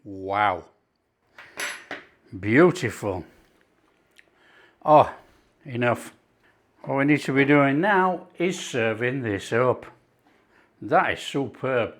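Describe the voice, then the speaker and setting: A middle-aged man with a Yorkshire accent hosting a casual cooking video, enthusiastic and unhurried, praising the food as he goes. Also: medium pitch, animated. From Yorkshire, England. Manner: enthusiastic, unhurried, calls things superb. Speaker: cooking channel host.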